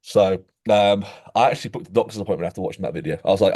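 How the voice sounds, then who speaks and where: A man co-hosting a podcast, telling stories in animated casual chat, saying "mate" often and acting out quoted voices. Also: rapid-fire. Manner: animated storytelling, says "mate" constantly; acts out quoted voices with jumps in pitch. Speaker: podcast co-host.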